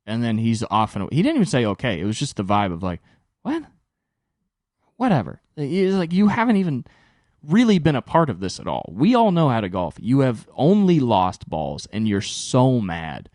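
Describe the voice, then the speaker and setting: A young man hosts his own podcast and tells a rambling story, animated and exasperated, with plenty of swearing. His voice sits fairly low but jumps all over in pitch. The sound is close and dry, with no room around it. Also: dry recording. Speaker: podcast host. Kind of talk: solo storytelling monologue.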